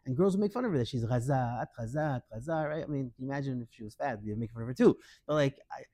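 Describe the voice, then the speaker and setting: A middle-aged man teaching a lively Torah class, acting out quoted voices and mixing Hebrew into English. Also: mid-range voice, quick pace, no room sound.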